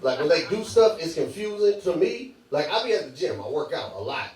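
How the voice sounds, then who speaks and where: This young comedian's voice is on the high side, very animated, a little fast, and slightly mellow as he works through a loose, conversational stand-up set, cracking himself up. The comedy club audio is echoey and distant-miked, with the crowd laughing.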